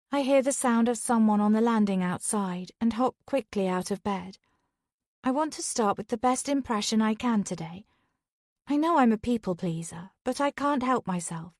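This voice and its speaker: A woman reading a first-person thriller audiobook as whispered role-play, soft and intimate. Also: a little high, no room sound, clean studio sound. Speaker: audiobook narrator.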